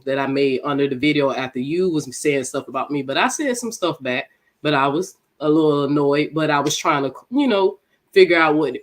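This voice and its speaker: A woman with a cold and a speech impediment, blunt and insistent in an online panel debate over a call mic. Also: deep voice. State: congested from a cold. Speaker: debate guest.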